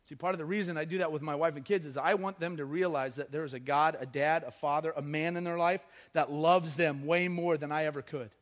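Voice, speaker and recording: A middle-aged man preaches in a high, light voice, keeping the sermon conversational and personal. He mixes humor with earnest appeals and swings between quiet asides and loud, emphatic bursts. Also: steady tone, fairly quick, hardly any pauses. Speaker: pastor.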